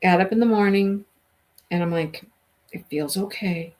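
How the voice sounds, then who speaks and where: A middle-aged woman telling a personal story in a casual vlog, emotional and animated, acting out what was said. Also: mid-range voice, a little slow. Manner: emotional, animated retelling with quoted dialogue. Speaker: host.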